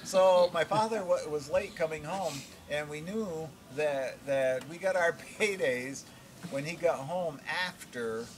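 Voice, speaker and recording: An older man from Vermont telling a childhood story to family, chuckling and animated as he goes. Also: on the high side, unhurried, a little hiss or hum. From Vermont, USA. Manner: chuckling, animated, laughs through his lines.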